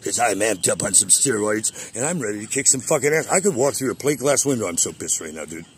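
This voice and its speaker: A man's voice: lowish voice, lively intonation, fast talker, slight background noise. Furious, foul-mouthed man ranting on a call. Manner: agitated, profane, boastful. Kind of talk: profane angry rant on a call.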